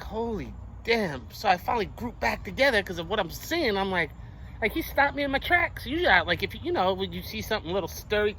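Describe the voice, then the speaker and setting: A young man telling a story to his viewers in casual street slang, animated and full of swearing. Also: high-pitched, slight background noise, low-quality recording. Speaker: vlogger.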